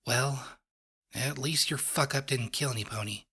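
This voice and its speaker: A man voicing a tough, foul-mouthed female pony scavenger with a blunt, gruff way of talking. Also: mid-range voice, unhurried, pushed and bright, heavily acted. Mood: wry.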